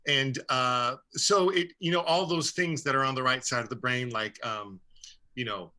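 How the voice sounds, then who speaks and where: A man's voice: mid-range voice, normal speed, pushed and bright. A man on a radio interview, telling a story in a rambling way with many fillers and restarts. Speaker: guest. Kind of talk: conversational storytelling.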